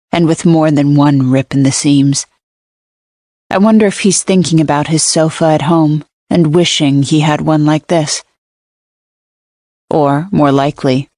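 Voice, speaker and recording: Audiobook narrator: woman, low voice, measured and wry, dry close-miked studio read. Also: darkish tone, dry recording. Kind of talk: scripted first-person audiobook narration. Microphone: close studio mic.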